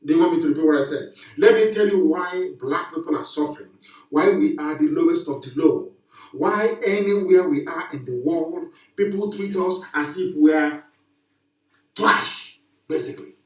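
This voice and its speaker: A man's voice: on the high side, moderate pace, darkish tone. A man giving an impassioned live broadcast address, preaching emphatically with rhetorical questions and repetition. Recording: echoey, distant from the mic.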